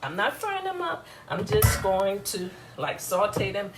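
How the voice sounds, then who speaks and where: A woman's voice: medium pitch, very animated, a little slow, far from the mic, noisy background. Chatty woman cooking in an echoey room. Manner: chatty and rambling, addresses viewers directly. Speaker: home cook. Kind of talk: casual cooking demonstration.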